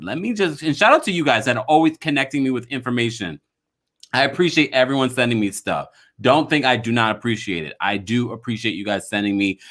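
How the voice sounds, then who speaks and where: Bright-voiced chatty male host. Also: medium pitch. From raised by a Jamaican mother. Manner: chatty, laughs often. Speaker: podcast host. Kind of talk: casual live-stream chat.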